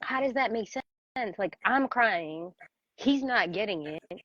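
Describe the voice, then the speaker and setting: A woman in her thirties, a parenting coach, talking casually as an interview guest and telling animated stories. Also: medium pitch, takes it slowly, no room sound. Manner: animated storyteller, laughs often, acts out voices. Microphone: video call. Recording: dry, dull video-call audio.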